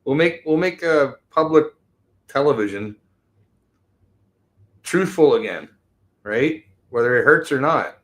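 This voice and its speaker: A mid-pitched man holds forth in an angry, profane rant. His voice spikes into loud bursts, then drops to low mutters. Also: animated, unhurried, pauses often. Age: 50s. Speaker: show host.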